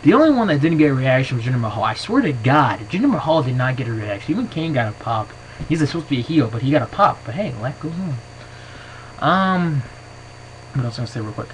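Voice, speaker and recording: A man giving his opinions in a casual vlog to his camera. He rambles excitably and fills his talk with "you know". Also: mid-range voice, fast, a little hiss or hum, rough recording. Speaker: wrestling vlogger. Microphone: built-in camera mic.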